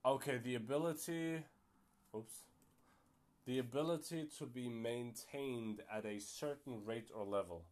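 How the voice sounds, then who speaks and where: Male podcast host, mid-pitched, loose solo chat, thinks aloud and second-guesses himself. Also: unhurried, a little mellow. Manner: chatty and self-doubting, thinking aloud. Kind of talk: casual solo podcast commentary.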